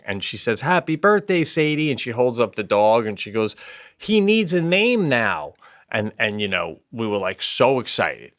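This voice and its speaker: A man co-hosting a comedy podcast, telling animated stories with frequent swearing while recovering from hip surgery. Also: on the low side, no room sound, clean studio sound. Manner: animated storyteller, swearing, acting out voices. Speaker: podcast co-host. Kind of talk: casual comedic chat.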